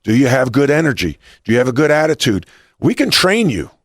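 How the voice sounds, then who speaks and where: A man's voice: mid-range voice, big pitch swings, a little fast, no echo, studio quality. A middle-aged man hosting an interview, telling stories with many restarts. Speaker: podcast host and coach. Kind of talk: conversational interview.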